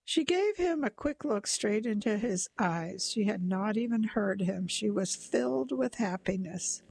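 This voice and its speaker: A woman reads a literary short story aloud, unhurried and measured. Her voice sits in a middle range with a gravelly, creaky texture, and the delivery stays softly dramatic throughout. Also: mid-range voice, expressive, low-quality recording. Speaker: narrator.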